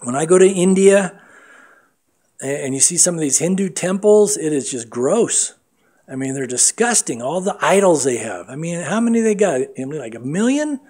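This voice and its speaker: A man's voice: a little high, animated, normal speed, dark tone. A middle-aged man preaching a sermon as pastor, quoting scripture with emphasis.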